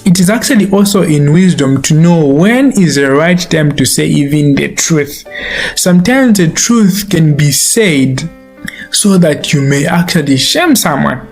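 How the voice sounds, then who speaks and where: An earnest man teaches from the Bible in a voice set a little high. Soft guitar music plays quietly behind his steady devotional talk. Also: a little slow. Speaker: preacher.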